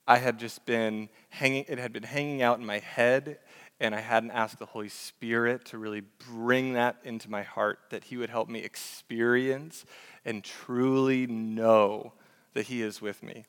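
A man's voice: mid-range voice, fairly bright tone, clean tone. Young male pastor preaching in a reverberant church hall, earnest and conversational. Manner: earnest and conversational, with fillers and self-corrections. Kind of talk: sermon.

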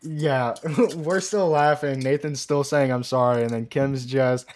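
A man's voice: fairly high pitch, takes it slowly, darkish tone. A young man co-hosting a podcast in casual chat, laughing often, swearing and mimicking people. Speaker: podcast co-host.

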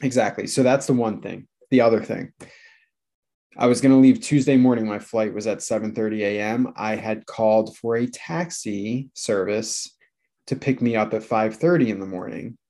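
A man's voice: lowish voice, normal speed, dark tone. Casual man telling a sheepish story. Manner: storytelling, self-deprecating, swears freely. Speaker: podcast co-host. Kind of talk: casual chat.

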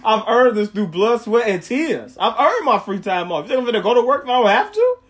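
A man from the United States in casual podcast chat, animated and profane, quick to laugh. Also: extremely high pitch.

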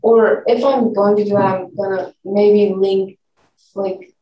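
A woman who is not a native English speaker, talking haltingly and searching for words in a casual discussion. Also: medium pitch, fairly even intonation, lo-fi sound, a little hiss or hum. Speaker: discussion participant. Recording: roomy, distant mic, faint ambience.

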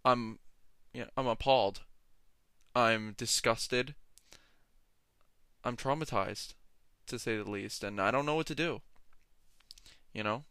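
A man's voice: mid-range voice, slow, pauses often, pushed and bright, clean tone, no room sound. A young man hosting a solo podcast, talking in a rambling, jokey, ranting way into a close mic. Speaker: podcast host. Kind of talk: casual solo podcast monologue.

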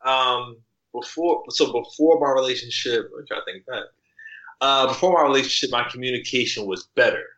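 A man's voice: medium pitch, moderate pace, fairly bright tone, echoey room, lo-fi sound. A man talking as a podcast guest in casual conversation, loose and rambling with many fillers and restarts. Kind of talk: casual interview chat.

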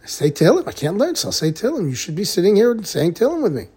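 A man acting out a stubborn, devout simple laborer who insists on his faith, speaking insistently and with rising excitement. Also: very high voice, brisk, pitched above the performer's own voice. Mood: exasperated.

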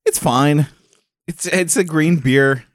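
A man co-hosting a casual podcast, telling animated stories and laughing as he talks. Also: fairly high pitch, slow pace, no room sound, studio quality. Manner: animated storyteller, laughs while talking. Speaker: podcast co-host. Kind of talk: casual chat.

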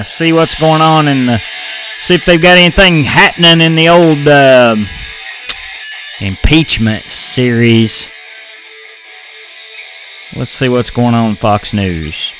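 A man with an American accent hosting his own podcast, talking in a loose, blunt and folksy way with plenty of casual swearing. His voice sits at an ordinary middle pitch. A faint guitar plays quietly underneath. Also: rough recording. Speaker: podcast host. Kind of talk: casual political podcast rant.

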